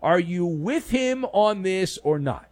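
A man's voice: sits high, expressive, slow pace, darkish tone. A man hosting a daily sports talk show, delivering a sarcastic, emphatic monologue of opinions.

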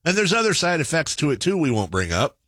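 A man on a podcast tells a story in a loose, rambling way and keeps stopping to correct himself. His voice is bright and lively, with wide swings in pitch. The studio sound is dry and close. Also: fast, dry recording. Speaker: podcast host. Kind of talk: casual storytelling chat.

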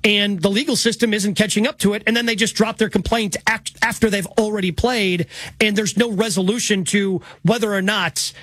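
Dude hosting sports radio, pretty high voice, asks the questions, keeps it chatty. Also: male voice, fairly even intonation, brisk, a bit bright, no echo. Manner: conversational, leads with questions.

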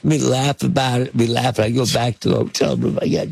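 Older male guest, husky gravelly storyteller, dry close sound. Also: medium pitch, normal speed, few pauses, dry recording. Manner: rambling, with many fillers, restarts and acted-out quotes. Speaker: interview guest, film producer. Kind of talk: casual anecdotal storytelling.

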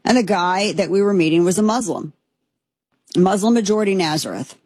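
A woman's voice: medium pitch, a little fast, darkish tone, husky, dry recording. A woman hosting a political commentary show, speaking in an emphatic, impassioned way that rambles with restarts. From United States.

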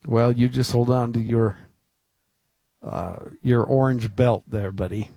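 A man co-hosting a sports radio show, trading jokes and quick asides. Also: medium pitch, fairly even intonation, warm tone, dry recording. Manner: joking, wisecracking. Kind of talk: casual sports radio chat.

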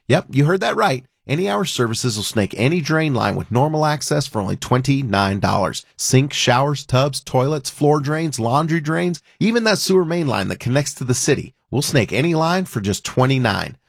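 A man's voice: vocal fry, slightly rough, no echo, clean studio sound. A man reading an upbeat radio advertisement for his company's services. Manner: upbeat sales pitch. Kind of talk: radio ad read.

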